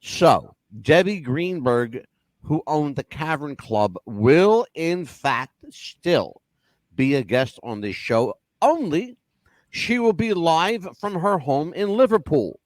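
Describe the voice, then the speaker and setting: A man hosting a casual talk-radio show, talking in a fairly high voice that swings widely up and down. His patter is crude and profane, full of animated storytelling. The sound is dry and close. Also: takes it slowly, no room sound. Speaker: radio host.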